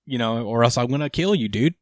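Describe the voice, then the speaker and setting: A man's voice: medium pitch, animated, fast, no echo, studio quality, natural voice. A man voicing a brash, menacing boy fighter who makes blunt, slangy threats.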